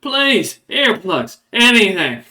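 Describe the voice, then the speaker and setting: A man's voice: high-pitched, very animated, takes it slowly, sharp tone, reverberant, distant mic, voice pushed up, heavily acted. A man voicing a desperate male dwarf prisoner who pleads frantically. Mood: frantic.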